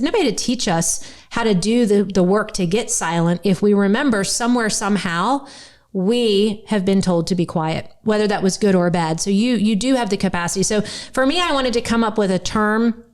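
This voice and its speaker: A woman from the United States with a slight North Carolina twang, hosting a podcast in earnest, animated conversation. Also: medium pitch. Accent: North Carolina Southern. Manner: earnest, animated, many restarts. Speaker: podcast host.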